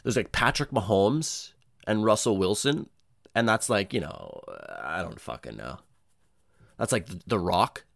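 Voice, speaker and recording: A young man hosting a casual solo chat, rambling and swearing, slipping into high mocking voices. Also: expressive, a little slow, gravelly, fairly bright tone, dry recording, studio quality. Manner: rambling, profane, mocks others in high put-on voices. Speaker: podcast host.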